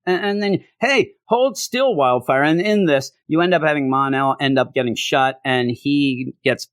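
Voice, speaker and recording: A man's voice: mid-range voice, fairly bright tone, dry recording, clean studio sound. A man casually reviewing a comic book, sarcastic, reading out lines in mocking voices.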